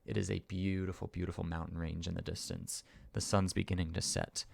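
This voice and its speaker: A man's voice: sits low, level tone, brisk, creaky, no room sound. A man narrating a scene as game master, descriptive and rambling with fillers.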